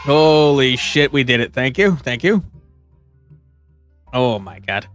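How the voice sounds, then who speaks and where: A man playing a detective puzzle game and talking through it, excitable, swinging between muttering and yelling. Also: mid-range voice, takes it slowly, soft background music. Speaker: gaming streamer. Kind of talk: let's play commentary.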